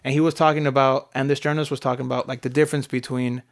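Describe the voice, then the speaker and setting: Man, podcast co-host, casual chat, mid pitch, excitable. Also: rapid-fire, vocal fry. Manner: excitable, reads out statistics, swears casually.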